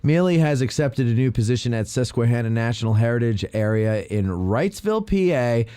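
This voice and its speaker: A man's voice: mid-range voice, fairly quick, smooth, no echo. A man hosting a casual podcast, reading local news aloud with playful asides and jokes. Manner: jokey, animated, reads aloud with playful asides. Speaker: podcast host.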